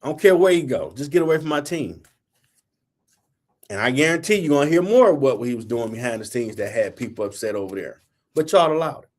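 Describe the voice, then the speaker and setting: A middle-aged man hosting a sports talk show, blunt and fired up. He scolds teams and players in loose, slangy everyday talk, with a steady mid-range voice. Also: mid-range voice, fairly quick. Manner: blunt, heated, colloquial, scolding. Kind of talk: opinionated sports rant.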